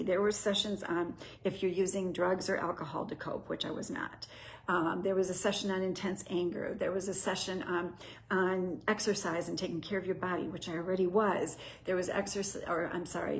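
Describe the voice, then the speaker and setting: A middle-aged woman talks in an earnest, chatty way as she tells her own story to listeners. Her voice sits a little low for a woman. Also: a little hiss or hum. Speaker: host. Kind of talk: personal testimony talk.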